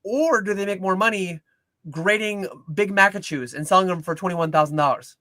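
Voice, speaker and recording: Male livestream co-host, bright and fairly high, rambling and earnest, dry close mic. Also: normal speed, no echo. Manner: rambling with frequent restarts and "like"; earnest explaining. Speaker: co-host of a card-collecting livestream. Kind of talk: casual livestream chat.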